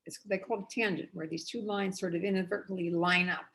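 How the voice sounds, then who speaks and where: A woman's voice: mid-range voice, steady tone, fast, fairly bright tone, rough recording. A middle-aged woman hosting a casual painting tutorial, chatty and upbeat, often rambling with "anyway" and "um". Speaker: art teacher and host.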